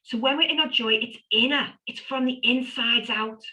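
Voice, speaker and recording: A woman's voice: on the high side, moderate pace, bright, forceful tone, low-quality recording. A middle-aged woman, presenting an online wellbeing workshop with upbeat, emphatic lists and repeated phrases. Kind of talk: live online workshop talk.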